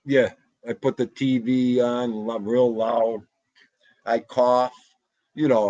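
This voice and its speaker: Husky, slow-talking livestream host. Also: male voice, mid-range voice, no room sound, highs cut off. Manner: animated, talks loudly, greets chatters by name. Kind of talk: casual livestream chat reading comments. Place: home room.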